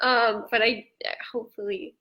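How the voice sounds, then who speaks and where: A woman's voice: a little high, flat delivery, moderate pace, lo-fi sound. A woman hosting a casual live-stream chat, chatty and laughing often, with lots of 'like'. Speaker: host.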